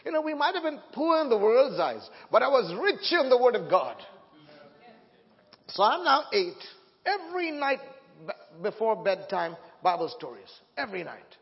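A middle-aged man preaching a sermon as guest preacher, telling a personal story with emotion and building to loud proclamations, on a church microphone. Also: very high-pitched, very animated, normal speed. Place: church sanctuary. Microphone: handheld or stand microphone. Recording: dull sound with long hall reverb.

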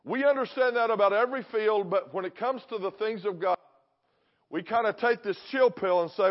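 Captured in a dull, lo-fi recording, a preacher whose brisk voice sits high addresses his church congregation. He's emphatic, repeats phrases, and poses questions to the people before him.

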